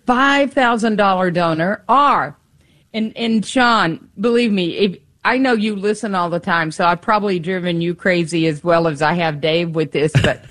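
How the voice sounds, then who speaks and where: A woman co-hosting a radio pledge drive, chatty and encouraging, repeating the call-in number. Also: medium pitch. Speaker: radio fundraiser co-host. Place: radio studio.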